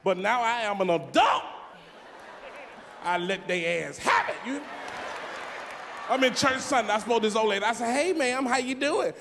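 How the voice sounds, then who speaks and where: A man with a strikingly high voice performs stand-up comedy in a big theater, loud and often shouting his punchlines into a handheld mic. A large crowd roars around him, and the live recording carries plenty of noise. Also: moderate pace, creaky, pauses often.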